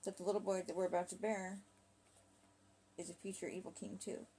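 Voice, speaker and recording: A woman voicing her husband's remorseful, halting prayer in a rhyming story. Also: medium pitch, little pitch movement, mellow, a little hiss or hum, lightly acted. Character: husband praying, sincere and remorseful.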